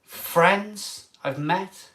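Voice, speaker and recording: A man in an emotional vlog monologue as a craft beer reviewer. He sounds tearful and halting, and often trails off mid-sentence. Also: high-pitched, sharp tone.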